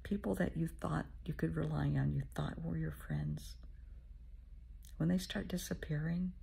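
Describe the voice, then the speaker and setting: Very gravelly, breathy-voiced woman therapist. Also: low voice, fairly even intonation, measured pace. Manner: soft, half-whispered, calls listener honey. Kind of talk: motivational talk to camera.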